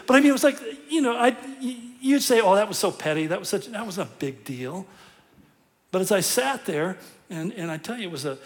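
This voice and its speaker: A middle-aged man preaching a sermon as pastor, conversational and self-deprecating, often chuckling at his own jokes. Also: high voice.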